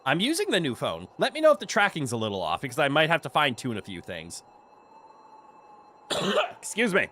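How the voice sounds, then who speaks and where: A man's voice: a little high, huge pitch swings, sharp tone. A man streaming a video game, chatting casually and playfully with his viewers. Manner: goofy, playful, quick laughs. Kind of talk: casual gameplay commentary.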